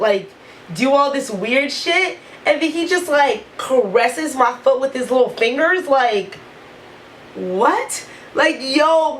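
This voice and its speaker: High-voiced, profane storytelling woman. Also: slight background noise, rough recording. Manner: animated, profane, heavy use of "like". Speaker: vlogger. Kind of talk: storytime vlog.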